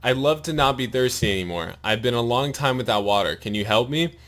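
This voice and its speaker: Guy reading as a thirsty, confused stranded man, croaky, lots of questions, storybook style, sore mouth. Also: mid-range voice, fairly quick, a bit bright, close to an everyday voice. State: sore mouth after wisdom tooth removal. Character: parched, bewildered stranded man.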